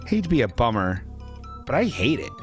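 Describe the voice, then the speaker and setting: A man co-hosting a comedy podcast, ranting profanely and spinning absurd deadpan stories. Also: mid-range voice, fairly quick, faint music behind. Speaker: podcast co-host.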